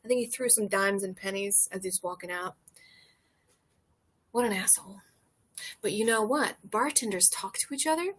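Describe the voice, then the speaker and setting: A woman's voice: medium pitch, moderate pace, pauses often, slightly rough. A woman comedian in casual chat, telling candid, profane stories full of fillers, recorded outdoors on a porch.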